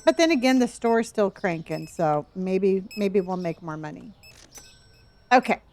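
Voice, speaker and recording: This is a woman's mid-range, expressive voice with a darkish tone, delivered a little slowly. During a casual game stream she chats and comments playfully, thanking viewers by name and calling them honey or dear.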